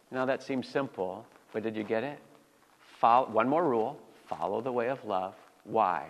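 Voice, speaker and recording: A man of middle pitch delivers a sermon in a relaxed, conversational manner and often turns to the congregation with questions. His voice rings out in a large church hall, where a long reverb trails after each phrase. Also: normal speed. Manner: conversational preaching with rhetorical questions. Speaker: pastor. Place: church sanctuary. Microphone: handheld or stand mic.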